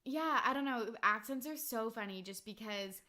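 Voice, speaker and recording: Bright-voiced young woman host. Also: fairly high pitch. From Vancouver, Canada. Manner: chatty, many fillers, quick laughs. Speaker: podcast host. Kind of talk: casual chat.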